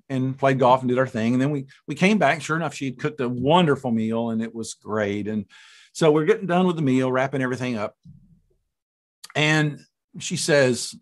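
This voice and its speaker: A middle-aged man preaching as a guest speaker, telling a story with lively, laughing delivery. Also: mid-range voice. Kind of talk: storytelling sermon.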